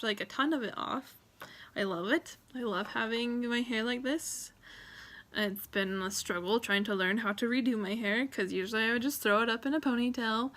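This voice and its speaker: Young woman vlogger, bright tense voice, slightly high, teary, rambling and grateful. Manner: emotional, rambling, grateful, tearful at times. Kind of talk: personal vlog update.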